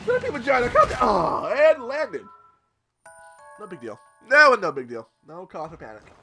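A young man giving excitable, swear-filled commentary while playing a video game. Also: high-pitched, moderate pace, gravelly, poor audio. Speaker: let's play gamer. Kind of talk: live gameplay commentary. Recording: loud game music behind voice. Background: game music.

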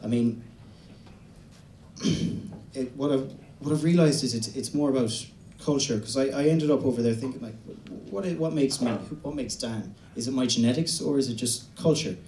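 A young man from the west of Ireland with an Irish accent, doing a stand-up set in a halting, deadpan way with many restarts. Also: medium pitch, a little hiss or hum. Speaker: stand-up comedian. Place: comedy venue stage. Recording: roomy venue recording from a distance.

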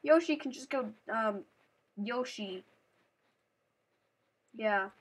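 A woman playing a platform game on camera, chatting playfully and breaking into shrieks and yells as she plays. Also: a little high, slow pace, husky. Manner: playful, talks to the game and her cat. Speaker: gaming channel host. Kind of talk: let's play commentary.

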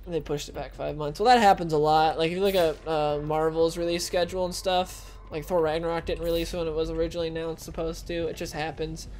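A man's voice: fairly high pitch, level tone, fast, hardly any pauses, darkish tone, a little hiss or hum. A young man hosting a casual gaming video, chatting and rambling while he plays and reacts to the game. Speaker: gaming channel host. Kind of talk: casual let's-play commentary.

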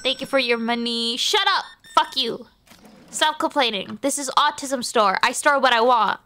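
A woman's voice: a little high, normal speed, sharp tone. A young woman streaming a game, chatting playfully and crudely as she greets and teases the customers. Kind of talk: live game-stream commentary.

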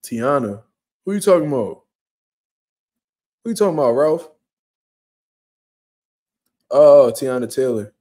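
A man's voice: mid-range voice, animated, a little slow, pauses often. A young man casually chatting on a livestream at home, reacting to viewer comments with loose, profane slang. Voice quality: profane, laid-back slang-heavy talk. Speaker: livestream host. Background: quiet room at home.

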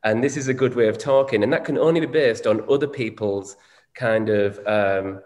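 A man's voice: lowish voice, normal speed, darkish tone. A man, co-hosting a candid conversation, reflective and swearing casually. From Northern England. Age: 40s. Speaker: co-host. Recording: echoey room with long reverb.

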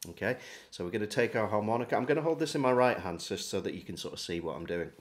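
A man giving a relaxed, step-by-step beginner harmonica lesson. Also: lowish voice, fast. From England. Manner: friendly, relaxed step-by-step demonstrating. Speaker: harmonica teacher. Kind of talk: casual video lesson.

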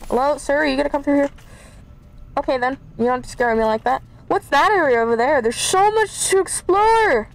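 A woman's voice: high-pitched, a little fast, low-quality recording. A woman streaming a horror game, chatting to viewers and easily scared as she plays. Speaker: gaming YouTuber. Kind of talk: let's play commentary.

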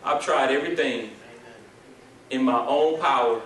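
A man preaching a sermon as pastor, moving from quiet pleading to shouted prayer. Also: medium pitch, a little slow. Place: church sanctuary. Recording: echoey church hall, mic at a distance.

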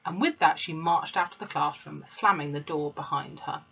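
A woman teacher reads a children's book aloud to her class, casual and unpolished, with fillers and slips that she corrects. Her voice is husky and lowish. The recording is dull and lo-fi. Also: moderate pace, a bit bright.

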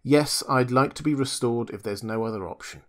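A man's voice: medium pitch, moderate pace, fairly bright tone, lightly acted. A man voicing a distressed young man just pulled back from drowning, pleading in a strained, rising voice. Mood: resigned.

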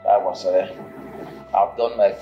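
An actor with a Nigerian accent plays Benjamin's blunt, scolding friend in a film drama, gossiping in a lively, exclaiming voice that slips into pidgin. His voice sits low and moves a little slowly. The audio is dull, recorded in an echoey room with faint music.

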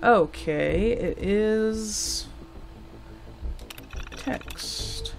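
A woman's voice: mid-range voice, lively intonation, slow, long pauses, soft background music. A woman hosting a let's play, giving gameplay commentary and thinking aloud with muttered asides.

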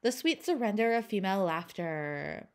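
A woman voicing a ditzy valley girl in a drawn-out lilt to mock a pompous man's words. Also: mid-range voice, lively intonation, smooth, close to an everyday voice.

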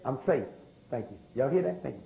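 A man's voice: medium pitch, lively intonation, brisk, vocal fry, warm tone, poor audio. An older man, lecturing a live audience, throwing rhetorical questions and asking for responses. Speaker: speaker.

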